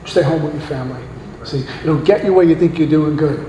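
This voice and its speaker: A man's voice: a little high, a little fast, mellow. A man speaking at a recovery meeting in an earnest, sermon-like way, full of rhetorical questions. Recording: echoey hall, faint background noise.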